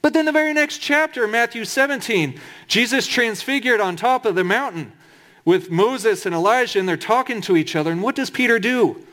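High-voiced man preaching with humor. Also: expressive, a little fast, bright, forceful tone. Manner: conversational and humorous, with emphatic asides. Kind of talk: sermon.

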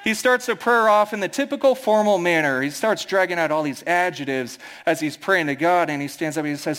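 A man's voice: a little high, a little fast, few pauses, fairly bright tone. A male pastor with a Midwestern American accent, preaching a conversational sermon and acting out quoted voices.

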